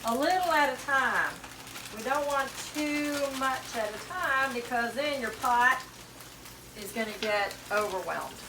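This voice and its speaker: A woman's voice: high voice, expressive, unhurried, background noise. A woman with a Southern US accent hosting a casual cooking demonstration in a home kitchen, chatting homily as she stirs and cooks. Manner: chatty, homey, talks while stirring and cooking. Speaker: cooking channel host. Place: borrowed home kitchen, indoors. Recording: echoey kitchen, distant mic, sizzling pan. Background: frying and sizzling from the stove.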